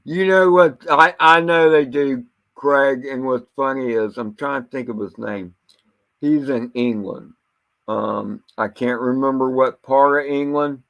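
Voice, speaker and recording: A man's voice: mid-range voice, measured pace, gravelly, a bit bright. A man talking in a casual, rambling monologue as a livestream host, blunt and profane, often stumbling over and repeating his words. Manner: blunt, rambling, swears freely.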